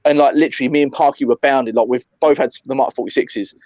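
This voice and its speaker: A man recounting an airsoft game in casual chat, animated, swearing often and calling his friend mate. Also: mid-range voice, fast talker, dry recording, muffled recording.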